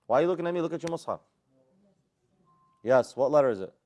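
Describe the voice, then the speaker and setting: A man's voice: on the high side, animated, quick pace, darkish tone. Man drilling a tajweed class. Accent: American English. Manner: drills students with call-and-response questions; recites Arabic letters and verses. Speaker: Quran tajweed teacher. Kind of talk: live classroom lesson.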